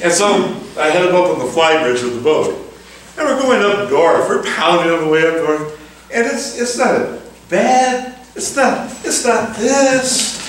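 An older man, a former fishing boat skipper, telling folksy stories to an audience, chuckling and acting out the voices in a high excited tone. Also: measured pace, slight background noise. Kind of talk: storytelling lecture. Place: town hall lecture room. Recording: echoey hall, far from mic.

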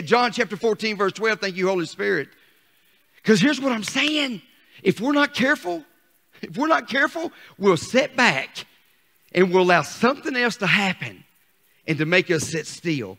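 An older man preaching a fervent sermon as pastor, calling on the congregation and rising to shouts. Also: high-pitched, sing-song, moderate pace.

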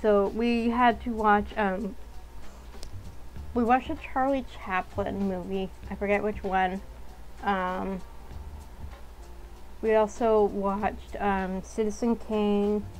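A woman's voice: medium pitch, flat delivery, slow, long pauses, a little mellow, slight background noise, low-quality recording. A young woman chatting casually while playing a story game, rambling along with frequent ums. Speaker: game streamer.

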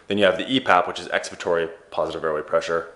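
A man's voice: low-pitched, fairly even intonation, very fast, a bit bright. A man hosting an advice channel, giving a casual explainer with chatty, playful joking asides. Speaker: host of a sleep therapy advice channel.

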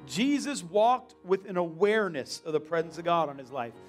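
A man's voice: fairly high pitch, expressive, normal speed. A man preaching a fervent sermon as pastor, with playful asides to the congregation. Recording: live church with faint music and crowd.

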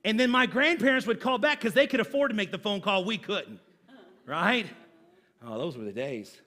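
A man's voice: high-pitched, expressive, normal speed, bright, forceful tone. A middle-aged man, a pastor, preaching a sermon in a church with a humorous, conversational storytelling manner.

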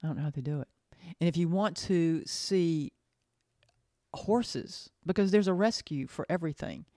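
Speaking at a fairly low pitch with a mellow quality, a woman delivers a casual, earnest podcast monologue charged with emotion. Halting delivery, repeated phrases, and restarted sentences after trailing off mark her speech, heard in clean studio sound with no echo.

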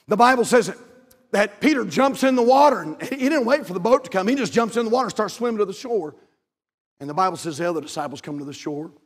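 A man preaching as a pastor, impassioned and repeating his phrases, rising to shouts at the high points. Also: expressive, a little fast. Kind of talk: sermon. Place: church sanctuary. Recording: long reverb of a church hall.

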